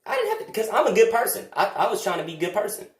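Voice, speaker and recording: A young man telling a comic story about his past, animated, jumping between loud outbursts and low mutters. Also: rapid-fire. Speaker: vlogger. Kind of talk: comedic storytime monologue. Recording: roomy, distant from the mic.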